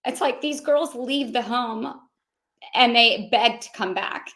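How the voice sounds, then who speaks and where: A woman, a podcast guest, telling a personal story in a fast, excitable way, peppering it with fillers. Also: a little high.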